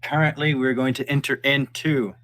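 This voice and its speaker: A man narrating as game master in a relaxed, chatty way, voicing the people the players meet. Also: mid-range voice, normal speed, slight background noise.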